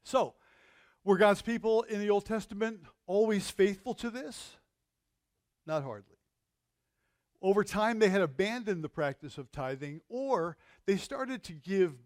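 A man with a high, light voice gives a conversational sermon and drops in rhetorical questions to the congregation. He slows down to lean on his key words. The sound is dry and close, with no room echo. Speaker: pastor.

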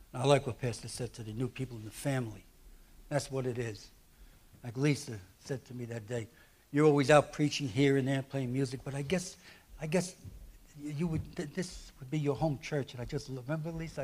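A middle-aged man from New Jersey preaching a sermon, telling stories with many restarts and lively swings in loudness. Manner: animated storytelling, many restarts, lively swings in pitch and volume. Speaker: guest preacher. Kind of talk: sermon with retold dialogue.

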